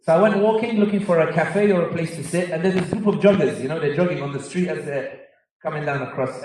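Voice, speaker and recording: A man from London with a London accent, telling funny stories as a speaker to a live audience, with quick asides. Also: a little high, darkish tone, slight background noise. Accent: London English. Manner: humorous storyteller, quick asides. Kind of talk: storytelling talk to a live audience. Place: large convention hall. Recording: echoey hall, mic at a distance.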